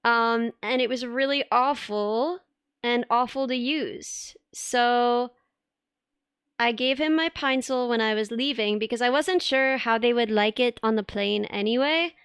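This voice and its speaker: A woman's voice: on the high side, unhurried, fairly bright tone, smooth, no room sound, studio quality. A young woman VTuber chatting casually on a live stream, giggly and rambling with lots of filler words.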